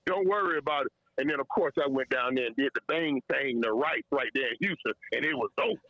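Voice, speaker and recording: A man's voice: medium pitch, fast, sharp tone, no room sound, lo-fi sound. A man telling a story in casual chat, emotional and tearing up, stumbling over repeated words and laughing often. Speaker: guest storyteller.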